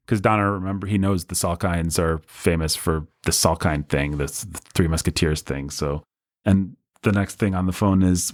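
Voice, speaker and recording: Lower-voiced man telling film history casually. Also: normal speed, no room sound, studio quality. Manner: enthusiastic storyteller, breezy and conversational. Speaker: podcast host.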